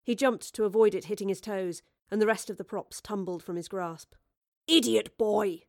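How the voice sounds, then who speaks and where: A woman reading a novel aloud in measured, even scripted narration, close to the microphone. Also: mid-range voice, dry recording. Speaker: audiobook reader.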